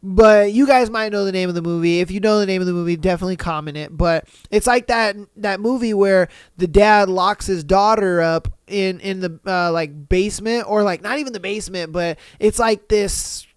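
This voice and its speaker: Man, podcast host, casual reading of posts, animated reactions, crisp voice, dry booth. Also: sits high, moderate pace, few pauses, no room sound. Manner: animated, swearing, acting out reactions.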